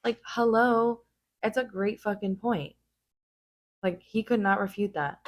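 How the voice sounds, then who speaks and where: A woman's voice: medium pitch, unhurried. A woman hosting a reaction video, giving blunt, casual commentary full of swearing.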